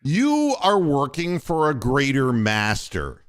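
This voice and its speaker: Older man telling rambling, lively stories. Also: mid-range voice, takes it slowly. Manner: rambling, profane storytelling. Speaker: podcast host and former radio station boss. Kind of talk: casual sports talk.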